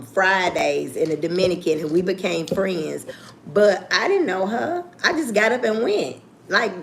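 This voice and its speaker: Gravelly-voiced, blunt woman storyteller. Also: lowish voice, slight background noise. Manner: blunt, profane, laughing storyteller; talks straight to viewers. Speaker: livestream host. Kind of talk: casual storytelling chat.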